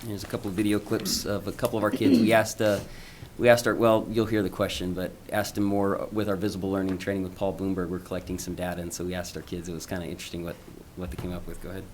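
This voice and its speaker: A man with a very low voice gives a school update at a board meeting. He talks informally, stopping and restarting with plenty of ums. A faint hiss sits under his voice. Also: little pitch movement, fast, hardly any pauses, a little mellow. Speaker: school principal presenting to a school board. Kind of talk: presentation at a public meeting.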